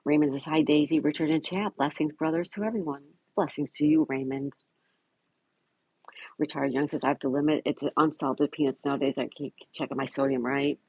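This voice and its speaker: A man's voice: on the high side, fairly even intonation, brisk, darkish tone, slightly rough, no echo, rough recording. A man hosting a casual livestream, reading viewer comments aloud and greeting chatters by name. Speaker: livestream host. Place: home in Florida.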